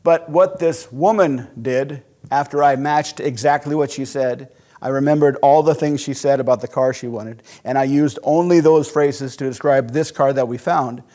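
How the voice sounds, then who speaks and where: A man teaching sales psychology through a conversational, animated personal story. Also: mid-range voice, moderate pace. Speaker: sales instructor. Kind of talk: storytelling lesson.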